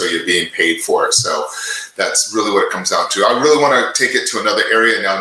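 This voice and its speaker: Male podcast host, very low and bright voice, set back from the mic in an echoey room. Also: far from the mic. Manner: steering the talk, summing up and handing off questions. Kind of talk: podcast hosting.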